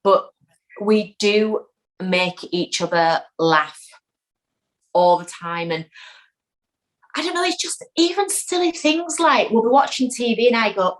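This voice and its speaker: As a guest in an interview, a woman with a mid-range voice chats casually, speaking a little slowly with long pauses. She's a chatty, animated storyteller who acts out quotes while sharing an anecdote. The recording quality is low.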